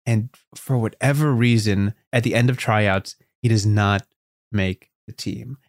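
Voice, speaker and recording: A man telling an improvised story on a writing podcast, animated and rambling. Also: lowish voice, a little slow, no room sound, clean studio sound. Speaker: podcast host.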